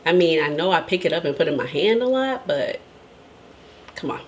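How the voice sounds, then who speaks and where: A woman's voice: low-pitched, animated, brisk, a little hiss or hum. A woman beauty vlogger talking casually and emphatically to her viewers, laughing often and tagging her points with "okay?". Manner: chatty and emphatic, tags lines with "okay?"; laughs often between remarks. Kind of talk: casual chat.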